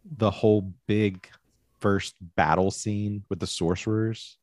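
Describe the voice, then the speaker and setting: A man's voice: fairly low pitch, steady tone, takes it slowly, darkish tone, dry recording, clean studio sound. A man hosting a casual movie discussion, eager as a fan and steering the talk to new topics. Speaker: podcast host.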